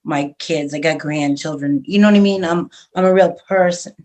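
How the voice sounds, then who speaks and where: A woman's voice: low voice, moderate pace, a little mellow. A middle-aged woman, a radio host, talking frankly and chattily as a guest in a casual interview, laughing often.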